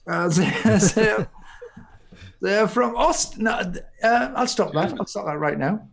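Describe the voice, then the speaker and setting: A man's voice: high voice, animated, takes it slowly, gravelly, fairly bright tone. A man co-hosting a podcast, chatting casually and rambling with many restarts. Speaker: podcast co-host. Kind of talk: casual chat.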